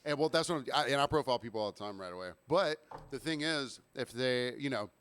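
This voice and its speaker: A man's voice: mid-range voice, animated, quick pace, a bit bright, clear, resonant tone. A man co-hosting a podcast who works as a bartender, talking in a laid-back, rambling way and laughing easily. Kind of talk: casual podcast chat.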